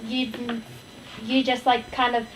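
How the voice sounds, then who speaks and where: Woman, group member, hesitant answers, fairly high voice, faint noise behind. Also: flat delivery, a little slow, low-quality recording. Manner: hesitant, searching for words. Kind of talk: answering questions in a group session.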